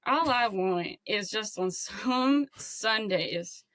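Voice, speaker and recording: A woman voicing a tired, laid-back man calling in to a sports radio show, talking in a calm, resigned drawl. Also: mid-range voice, takes it slowly, no echo. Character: weary laid-back male radio caller.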